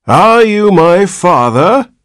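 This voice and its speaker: Cranky newborn old-timer, cracked and whiny, pitched way up. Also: male voice, very animated, slow pace, fairly bright tone, clean tone, no room sound, heavily acted. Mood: querulous. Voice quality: cracked, ancient voice. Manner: querulous whine, rising to shrill protest. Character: cranky ancient old man born as baby.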